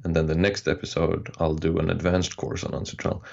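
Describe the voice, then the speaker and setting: A man co-hosting a podcast in casual chat, explaining things in halting, restarting phrases. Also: very deep voice, little pitch movement, gravelly, a little mellow. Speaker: podcast co-host. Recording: dull lo-fi podcast audio.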